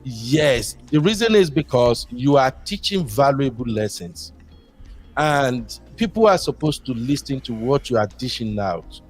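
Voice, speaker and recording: A man's voice: mid-range voice, lively intonation, unhurried, soft background music. Rambling Nigerian man calling in. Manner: rambling, mixes pidgin into English. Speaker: caller. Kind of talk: casual call-in talk.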